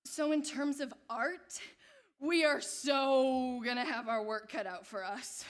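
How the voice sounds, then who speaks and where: A woman's voice: sits high, slow pace. A woman playing a sassy young muse. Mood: wry. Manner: wry, offhand delivery. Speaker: stage actor. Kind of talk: stage musical rehearsal acting. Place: large theatre stage.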